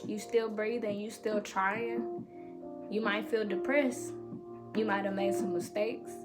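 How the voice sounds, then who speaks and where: A woman's voice: mid-range voice, fairly even intonation, measured pace, loud music behind the voice. A woman vlogger speaking candidly to camera, reassuring listeners with blunt, profane encouragement. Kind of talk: motivational talk to camera.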